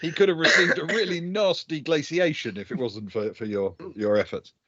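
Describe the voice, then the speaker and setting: A man's voice: a little high, moderate pace, a bit bright, husky, no room sound, dull audio. A man narrating as game master of a tabletop game, chuckling and hesitating with many fillers.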